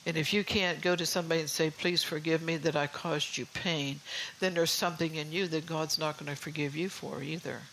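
A woman's voice: deep voice, steady tone, a little fast, fairly bright tone, slight background noise, rough recording. An older woman giving an informal sermon in a homey, confiding way, often saying "you know". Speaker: preacher.

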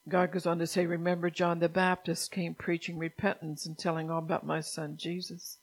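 A middle-aged woman delivers a fervent sermon, scolding her listeners and pushing into loud, emphatic bursts. Her pitch stays narrow and flat even as the volume climbs. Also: normal speed. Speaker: preacher.

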